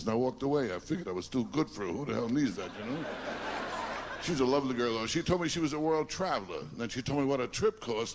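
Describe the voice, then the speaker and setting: A man from Long Island doing a stand-up routine, complaining about himself in quick self-deprecating one-liners. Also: mid-range voice. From Long Island, New York. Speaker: stand-up comedian. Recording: noisy live recording.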